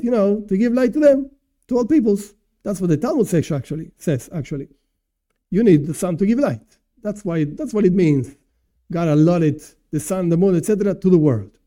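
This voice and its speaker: Male Torah teacher, high voice with a mellow, dark tone, casual lecture pacing. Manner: animated, explanatory, asks and answers himself. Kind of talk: informal religious lesson.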